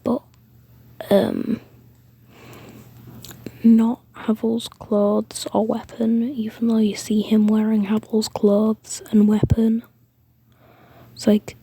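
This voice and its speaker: Slow whispering woman, gravelly and dark. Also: a little high. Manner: whispered, rambling, many fillers and restarts. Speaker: storyteller. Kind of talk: whispered rambling storytelling.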